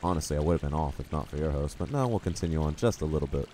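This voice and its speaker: A man streams a game live, and his casual, rambling chatter answers viewers as he plays. His voice sits very low, with a dark, mellow tone. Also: expressive, very fast, slight background noise. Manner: casual, chatty, answers chat while playing. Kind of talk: live gameplay commentary.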